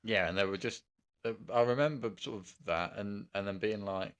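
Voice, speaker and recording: A man's voice: fairly low pitch, normal speed, fairly bright tone, clear, resonant tone. A man co-hosting a podcast, chatting casually about cricket, hesitant, with frequent ums and restarts. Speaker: podcast co-host.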